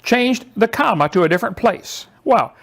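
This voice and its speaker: A man lecturing a small audience, sarcastic and mocking, with an animated, emphatic delivery. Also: sits high, normal speed, vocal fry, husky. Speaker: presenter.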